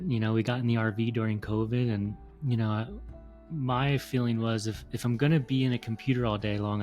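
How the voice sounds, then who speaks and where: A middle-aged man from the East Coast of the United States, co-hosting a podcast, talking in an earnest, measured way with some fillers. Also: on the low side, darkish tone. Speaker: podcast co-host. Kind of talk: casual reflective talk.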